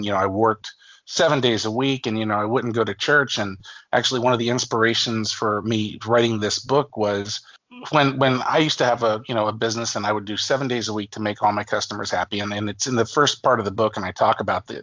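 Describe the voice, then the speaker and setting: A man in his forties speaks as an interview guest, telling a story at length and circling back with fillers and restarts. His voice sits fairly low. The recording is dull and dry, with a lo-fi quality. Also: steady tone, fast talker, fairly bright tone, dry recording. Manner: rambling, many fillers and restarts, acts out quoted family voices. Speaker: author and guest.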